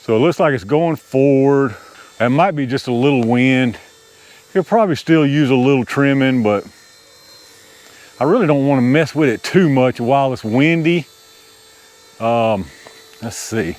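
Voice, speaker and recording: A man with a drawl chats through a flight out in the open air. He sounds loose and excitable, calls out to his viewers, and laughs off his own nervous slips. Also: mid-range voice, unhurried, pauses often. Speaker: RC hobby video host. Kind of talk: casual running commentary while flying. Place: outdoors, small open area.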